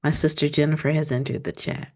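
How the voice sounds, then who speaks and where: A woman co-hosting a casual online talk show, chatty and relaxed, with frequent quick affirmations. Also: sits low, creaky. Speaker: co-host. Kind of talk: casual livestream chat.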